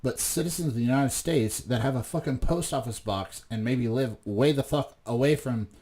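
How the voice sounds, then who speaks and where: A man from West Virginia co-hosting a podcast, talking loosely and profanely. He rambles through stories with restarts and fillers in an ordinary mid-pitched voice. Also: moderate pace, dark tone. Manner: rambling, swears freely, many restarts. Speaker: podcast co-host. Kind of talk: casual profane chat.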